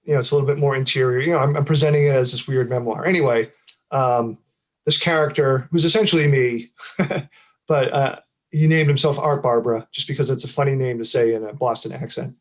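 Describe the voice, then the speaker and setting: A middle-aged man speaks in an easygoing, conversational way, pitched squarely in the middle of the male range. He meanders through his thoughts, restarting phrases and scattering fillers as he goes. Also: brisk. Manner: rambling, many fillers and restarts, laughs often. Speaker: author. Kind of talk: casual interview chat.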